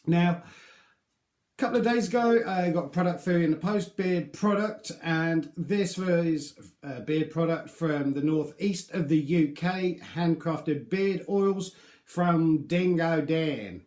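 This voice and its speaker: A man's voice: a little high, slow, darkish tone. A man chatting casually through a beard product review, rambling and joking about himself. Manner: chatty, rambling, self-deprecating. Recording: echoey room.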